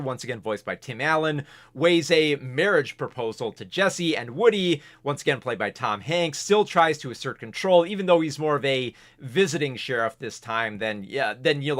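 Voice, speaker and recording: A man's voice: fairly high pitch, a bit bright. A man giving a casual spoken movie review from a home setup, rambling and restarting his sentences. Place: home recording setup with camera and big monitor.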